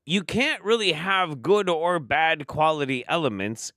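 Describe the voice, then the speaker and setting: A man hosting a sarcastic commentary show, reacting to clips with profane mockery and sudden loud outbursts. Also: a little high, animated, a little slow, no room sound, clean studio sound. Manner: profane, mocking, swings between muttering and loud outbursts.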